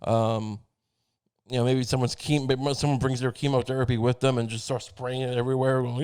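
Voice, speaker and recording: A man's voice: mid-range voice, flat delivery, brisk, darkish tone, smooth. Rambling, profane male podcast host. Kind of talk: rambling comedic monologue.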